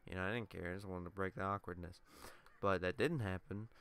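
A man's voice: low voice, fairly even intonation, fairly quick, fairly bright tone, clean tone. A young man rambling through a casual let's play, swearing and laughing as he tells school stories over his gameplay. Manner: rambling, profane, laughing asides.

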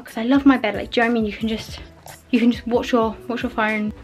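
A woman's voice: on the high side, flat delivery, quick pace, a little mellow, faint music behind. A young woman vlogging casually from her bedroom, rambling with lots of "like" and "literally", a little out of breath. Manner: chatty, rambling, fillers like "like" and "literally". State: a bit out of breath. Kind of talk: casual vlog chat.

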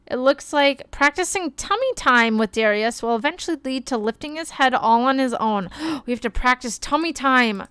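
A young woman streaming a game, chatting excitably and gasping as she plays. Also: high voice, normal speed, few pauses, clean tone, dry recording. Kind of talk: casual gameplay commentary.

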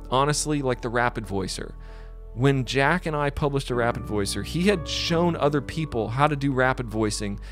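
A man who works as a piano technician and tuning mentor tells a story in a casual, animated sales-pitch style. He often repeats his words and acts out the voices he quotes.

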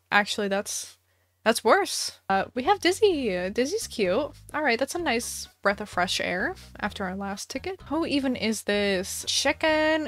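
A young woman chatting casually through a gaming session, expressive, laughing often and squealing at good luck. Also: a little high. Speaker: gaming video creator. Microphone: headset or desk mic.

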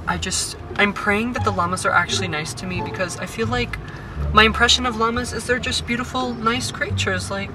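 A young woman vlogging casually, excitable and squealing, swearing freely. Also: medium pitch, a little fast, noisy background. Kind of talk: casual vlog chat. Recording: music playing behind the talk.

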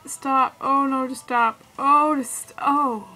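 Gamer woman, high and unhurried, yelping over her game, with faint music underneath. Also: fairly even intonation, pushed and bright, rough recording. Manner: yelps and squeals at the game. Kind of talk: let's play commentary.

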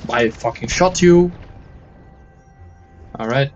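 This time the man has a medium-pitched voice and takes things slowly, with dull audio and faint music in the background. Playing a shooter for a let's play video, he grumbles in exasperated, swearing jokes and occasionally lapses into mock German and Dutch.

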